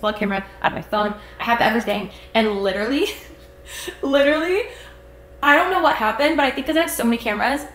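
A young woman co-hosting a podcast, telling a story in animated casual chat with lots of fillers, acting out what people said. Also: a little high, rapid-fire, hardly any pauses, reverberant, slight background noise. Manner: animated storytelling, acts out quotes, many fillers. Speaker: podcast co-host.

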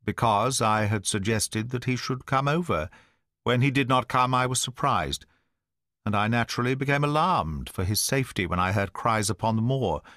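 A man's voice: mid-range voice, normal speed, a bit bright, dry recording, clean studio sound, close to an everyday voice. A man reading the part of a sly, nervous male naturalist who feigns polite concern, asking probing questions. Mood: wary. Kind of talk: audiobook dialogue reading.

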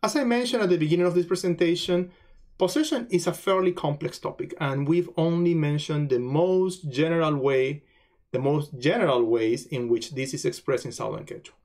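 A man speaking in a slightly high voice gives a recorded language lesson. He says each phrase twice, adds its translation, and stops now and then with fillers to look for the right word. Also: darkish tone. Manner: pauses to search for words, many fillers. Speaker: language lecturer.

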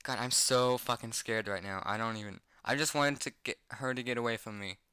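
A man reacts to a scary comic from his bed, reading it out loud through a laptop mic. He swears nonstop and yelps when startled. His voice is bright and crisp, and the sound is close and dry. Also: medium pitch, brisk, no room sound. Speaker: webcomic reactor. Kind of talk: horror comic reaction, read aloud.

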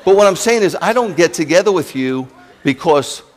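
Brief: New rabbi, lively and jokey sermon delivery, talks right at the congregation. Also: male voice, high voice, moderate pace, some chatter behind, slight background noise. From New York. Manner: animated, joking, addresses the congregation directly.

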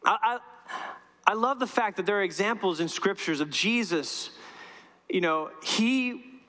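A man's voice: high-pitched, measured pace, sharp tone. A middle-aged man preaching a conversational sermon as a pastor, telling stories and asking the congregation questions. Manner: storytelling, asks the congregation questions. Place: church sanctuary. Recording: long church reverb.

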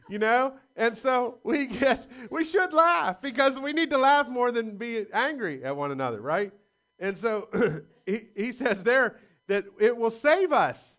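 A man's voice: extremely high pitch, lively intonation, a little slow, fairly bright tone. A man preaching a sermon as pastor in a church, in a folksy style with stories and laughs. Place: church sanctuary.

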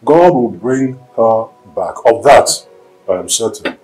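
Consoling husband, animated pitch, soft background music. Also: male voice, slow pace. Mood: reassuring. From Nigeria. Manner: soothing, pleading, reassuring. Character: comforting husband of a grieving wife. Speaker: actor in a film. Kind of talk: film drama acting.

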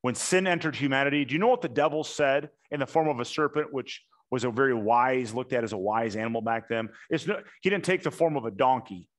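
A man preaching a sermon, telling the story with animated emphasis and slowing down hard on key points. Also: mid-range voice. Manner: animated storytelling, acts out quotes, emphatic slow punchlines.

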